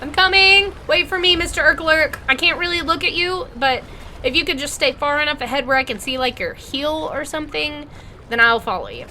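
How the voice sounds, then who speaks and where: A woman's voice: high-pitched, animated, fairly quick, sharp tone, slight background noise. A woman gamer giving rambling, joking commentary while playing a horror game.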